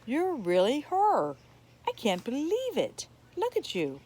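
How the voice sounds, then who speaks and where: An overjoyed woman just freed from a curse speaks in a breathless, astonished rush, put on by a woman reading aloud. Her voice rises and falls in a lively way. It is a storybook reading. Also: mid-range voice, slow. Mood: amazed.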